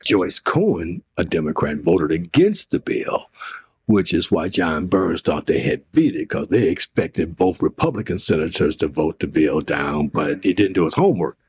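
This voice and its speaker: An older man telling a story in an interview, animated and profane, acting out what others said. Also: low-pitched, moderate pace, husky, no room sound. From Oregon, US. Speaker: interview guest.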